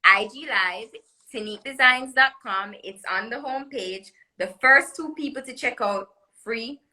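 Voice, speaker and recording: Caribbean woman designer, bright crisp tone, chatty and promotional, live stream call audio. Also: a little high, unhurried, rough recording. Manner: chatty, laughs often, promotional. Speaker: jewelry designer guest. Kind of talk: live social media interview. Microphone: phone or webcam on live video call.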